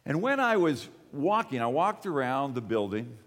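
A man preaching a sermon as pastor, rising loud on key phrases and dropping low and quiet for personal asides. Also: very animated, moderate pace. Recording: long hall reverb.

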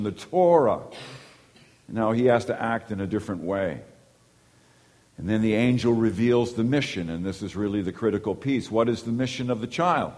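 A man preaching a sermon, moving between quiet, low asides and loud, emphatic lines. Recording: long hall reverb.

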